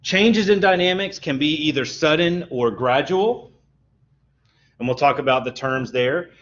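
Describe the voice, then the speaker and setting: A man's voice: a little high, unhurried, a bit bright. A man teaching a college music class, explaining terms step by step and often checking with "okay?". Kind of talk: classroom lecture. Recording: dull lo-fi lecture recording.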